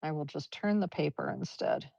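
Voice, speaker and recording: This is a woman giving a live painting lesson, her low voice carrying a gravelly edge. She chats and encourages as she explains every stroke. The livestream audio sounds dull and lo-fi, dry with no room echo. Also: normal speed, darkish tone. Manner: chatty, encouraging, talks through each brushstroke. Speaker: art teacher.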